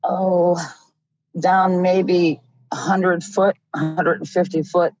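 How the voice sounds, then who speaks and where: A middle-aged woman telling a story in a casual, animated way, often laughing as she goes. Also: lowish voice, slow pace, no echo. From Ohio. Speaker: guest. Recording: dull lo-fi audio.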